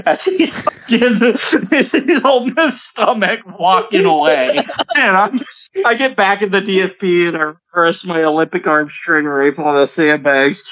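A man's voice: high-pitched, a little slow, bright, forceful tone. A man telling a profane, laughing story in casual podcast chat over voice chat. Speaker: podcast co-host. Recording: dull lo-fi voice chat audio.

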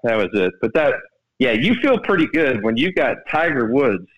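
A man's voice: mid-range voice, very animated, moderate pace, lo-fi sound. A man co-hosting a sports radio show, telling rambling anecdotes in casual chat.

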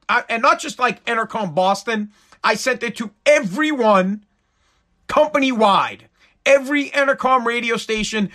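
Man, high voice, sharp, profane casual rant, emphatic. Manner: animated and emphatic, swears freely. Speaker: radio personality.

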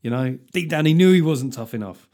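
A man's voice: fairly high pitch, animated, a little fast, darkish tone. A man hosting a podcast, ranting comically with lots of swearing and sardonic asides while reading out listener reviews. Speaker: podcast host.

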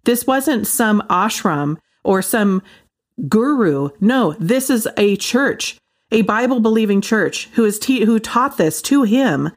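Brief: incredulous woman at mid pitch, animated and colloquial, in a Christian talk monologue. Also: takes it slowly. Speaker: Christian commentator. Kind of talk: casual monologue.

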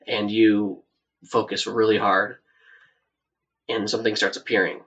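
Man, game master, soft-spoken meandering narration, lowish voice, a bit distant from the mic. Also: steady tone, a little slow, long pauses. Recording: voice set back from the mic.

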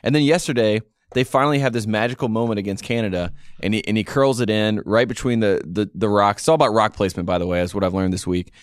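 A man's voice: on the low side, fast, few pauses, no echo, clean studio sound. A man co-hosting a casual sports podcast, ranting in exasperated complaints. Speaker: podcast co-host.

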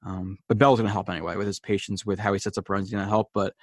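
A man with a fairly low voice talks through football game film in a loose, unscripted way, stopping and restarting as he goes. The sound is dry and close, with no room around it. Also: level tone, racing, dry recording. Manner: thinking aloud with frequent fillers and restarts. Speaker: host. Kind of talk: casual football film breakdown.

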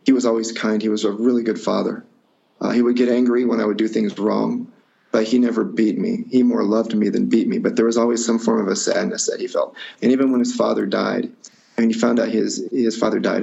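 A man telling a personal story in conversation, halting and reflective with many fillers and restarts. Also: fairly low pitch, fairly even intonation, creaky, mellow. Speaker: guest. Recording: dull lo-fi recording.

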